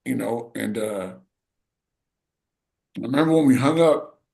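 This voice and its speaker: A man's voice: medium pitch, measured pace, vocal fry, darkish tone. A middle-aged man co-hosting a podcast, telling an emotional family story in a rambling, casual way. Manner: rambling, full of "you know" and "right". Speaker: podcast co-host.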